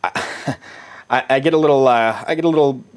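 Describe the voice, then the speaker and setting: A man's voice: medium pitch, fairly quick. A middle-aged man from the United States, a dating coach talking casually and profanely while reading out his dating-app chats, often laughing at his own jokes.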